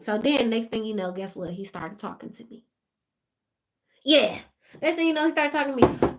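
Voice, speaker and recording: Woman, high voice, animated storytelling, laughing asides. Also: normal speed. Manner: animated, laughing, talks straight to viewers. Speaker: vlogger. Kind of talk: casual storytime rant.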